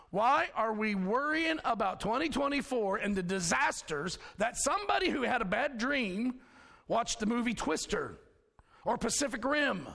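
A man's voice: extremely high pitch, very animated, normal speed, creaky, sharp tone, big-room sound. A man preaching a sermon in a folksy storytelling manner, mixing scripture with personal stories. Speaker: pastor.

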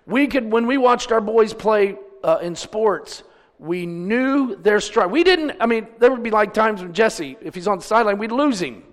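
A middle-aged man preaching a sermon as pastor, swinging between loud, drawn-out peaks and quiet asides. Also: high-pitched, lively intonation, long reverb tail.

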